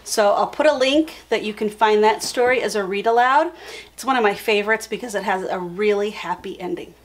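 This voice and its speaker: Expressive teacher telling a story. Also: female voice, medium pitch, brisk. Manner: friendly, expressive read-aloud. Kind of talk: felt board storytelling for kids.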